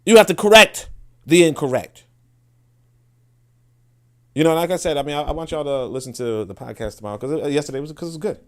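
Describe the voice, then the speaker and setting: A man talks through a casual podcast monologue. He is blunt and profane, and he often restarts and repeats words as he thinks aloud. His voice sits slightly high for a man. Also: brisk, long pauses. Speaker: podcast host.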